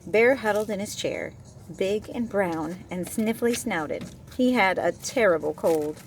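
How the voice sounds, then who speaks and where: A woman's voice: medium pitch, measured pace. Woman reading a picture book aloud, distant. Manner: gentle, expressive, chatting with the child. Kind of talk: storybook read-aloud with asides. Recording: distant mic, faint room noise.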